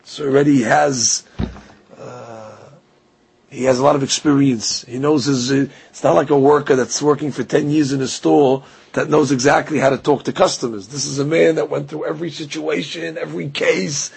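A man with a gravelly, raspy voice that sits a little high for a man delivers a Torah lecture. He tells the story with animation and slips into the voices of the people he quotes. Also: fairly even intonation, normal speed, a little mellow, poor audio. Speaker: Torah teacher. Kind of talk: religious lecture.

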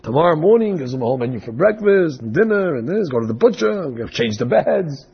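Gravelly guy telling a sermon story, kinda high voice, muffled lo-fi audio. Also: fast talker, a little hiss or hum. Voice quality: raspy, gravelly. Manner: animated, dramatic storytelling.

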